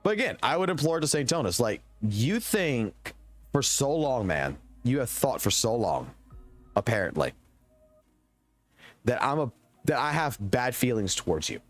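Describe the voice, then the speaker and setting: At a measured pace and medium pitch, a young Southern-accented man from Louisiana rants and curses in loose livestream talk. The streamer sounds animated and rambling on a close desk mic, with soft music underneath.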